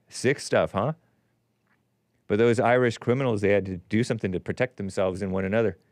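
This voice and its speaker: Man, call-in host, rambling, combative, smooth resonant voice, dry close sound. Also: fairly low pitch, no echo. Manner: rambling, combative, laughs at own jokes. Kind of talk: casual call-in talk show.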